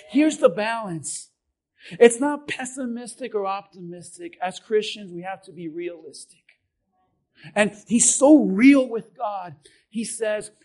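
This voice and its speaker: A man preaches to his church with a strikingly high voice. He swings from fervent shouting to hushed lines and keeps throwing questions at the congregation. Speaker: pastor. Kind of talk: sermon.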